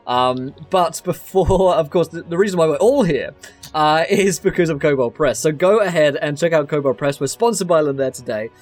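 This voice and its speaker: A man's voice: fairly high pitch, normal speed, faint music behind. A man hosting a tabletop game stream, reading sponsor notes in a chatty way, laughing often and tripping over his words. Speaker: host and player. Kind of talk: casual sponsor read on a live stream.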